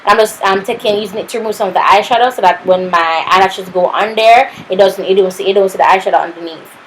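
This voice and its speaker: A young woman with a Jamaican accent and a medium-pitched voice narrates a makeup tutorial at a quick pace, sassy and playful, dropping "honey" and "papito" along the way. She's a makeup artist, and the rough recording carries a little hiss or hum.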